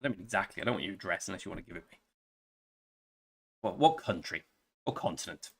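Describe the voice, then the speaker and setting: Low-pitched and quick, with lively intonation, an English man chats casually during a live strategy-game stream. He's rambling and wry, calling out viewers by name as he answers them.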